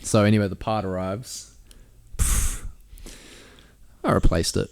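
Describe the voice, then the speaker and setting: Brief: young guy, lowish voice, crude storyteller who swears a lot. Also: fairly even intonation, a little slow, gravelly. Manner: swears a lot, acts out quotes in a high shouty voice. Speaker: podcast co-host.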